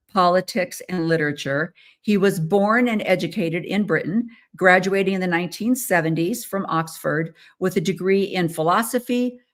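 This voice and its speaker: Chatty low-voiced American woman host. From United States. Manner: chatty, rambling with fillers and restarts. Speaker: podcast host. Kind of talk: casual solo talk.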